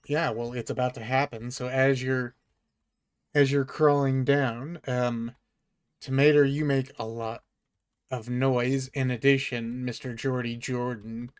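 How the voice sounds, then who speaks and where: A man narrating as game master in a tabletop role-playing game, measured and hesitant. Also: mid-range voice, little pitch movement, clean tone.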